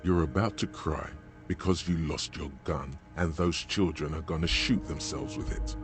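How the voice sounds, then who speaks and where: A man's voice: very deep voice, moderate pace, faint music behind, voice pushed down. A man voicing the grave inner voice of a detective's mind, solemn and blunt. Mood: scolding.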